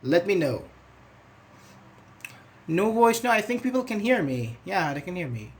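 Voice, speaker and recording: A man with a somewhat high-pitched voice leads a live online grammar class. He talks in a loose, chatty way, reads student comments aloud and answers them with quick praise. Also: very animated. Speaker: English teacher.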